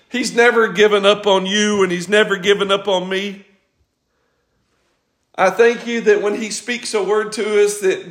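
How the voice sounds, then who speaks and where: A man with a high voice preaches a sermon, circling back on his words and stretching out the key phrases for emphasis. His voice rings around a reverberant room. He talks plainly and earnestly, pressing the same point again and again. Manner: repetitive, builds up to emphatic drawn-out phrases. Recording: echoey room.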